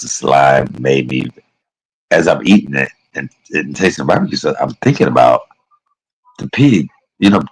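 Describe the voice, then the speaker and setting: A man's voice: extremely low pitch, creaky, husky, low-quality recording. A man chatting casually and rambling on a livestream, calling his viewers y'all and baby. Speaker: live streamer.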